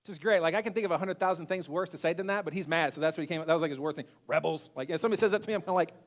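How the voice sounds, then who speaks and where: A male pastor giving a sermon in an animated way, asking the congregation questions. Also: on the high side, very fast, in a large hall. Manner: animated, acts out quotes, asks the audience questions.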